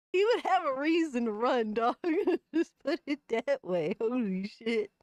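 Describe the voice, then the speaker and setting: A woman's voice: high voice, lively intonation, takes it slowly, a little mellow, dry recording. A woman hosting a casual livestream, chatting in loose, profane slang and often breaking into laughter. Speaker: livestream host.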